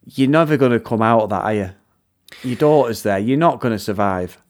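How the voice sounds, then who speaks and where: Guy gabbing about a film, swears a lot, laughs a lot, middle pitch. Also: a little fast. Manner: animated, swears, laughs often, retells scenes at length. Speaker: podcast co-host reviewing films. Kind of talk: casual chat.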